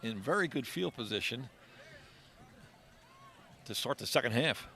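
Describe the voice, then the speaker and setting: A man giving chatty, rambling color commentary on a high school football game. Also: expressive, a little slow, vocal fry, sharp tone.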